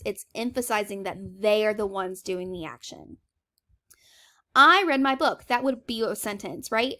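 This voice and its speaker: Woman teacher, mid-pitched, chatty and emphatic, recorded grammar lesson. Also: animated, unhurried, pushed and bright. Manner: chatty, emphatic, checks in with "okay?".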